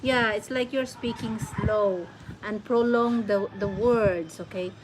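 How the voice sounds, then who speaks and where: A woman's voice: mid-range voice, fairly even intonation, background noise. A woman from the Philippines chatting casually as she reacts to an accent lesson, repeating words and laughing. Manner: repeats words, laughs often, speaks slowly.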